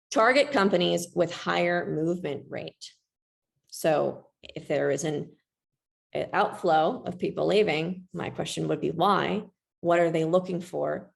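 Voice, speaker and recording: Woman, webinar presenter, low-pitched, a bit of vocal fry, casual and upbeat. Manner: chatty, frequent "like", upbeat.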